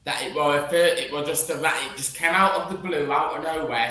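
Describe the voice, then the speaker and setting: A man chatting as a guest, halting and repeating himself as he thinks aloud. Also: on the high side, steady tone, sharp tone. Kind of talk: casual chat. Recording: roomy echo, faint ambience.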